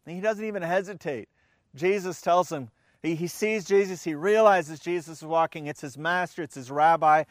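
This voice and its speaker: A pastor with a slightly high voice preaches a conversational sermon at a moderate pace, reading scripture aloud, frequently restarting his words and putting questions to the congregation. The recording is dry and studio-clean.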